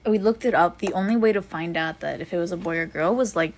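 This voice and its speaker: A woman's voice: lowish voice, quick pace, a little hiss or hum. Chatty young woman telling stories. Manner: animated storyteller, acts out quotes with gasps and laughs. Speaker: podcast co-host. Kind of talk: casual chat.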